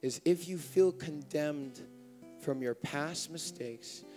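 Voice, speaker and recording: Young male preacher, slightly high voice, fervent sermon delivery with soft guitar underneath. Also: takes it slowly. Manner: impassioned, rising to loud emotional appeals. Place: church service.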